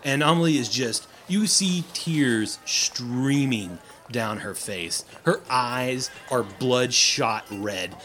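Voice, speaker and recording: A man's voice: mid-range voice, takes it slowly, hardly any pauses, slight background noise. A man narrating a tabletop role-playing session as game master, describing scenes and voicing townsfolk. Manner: animated, acts out characters.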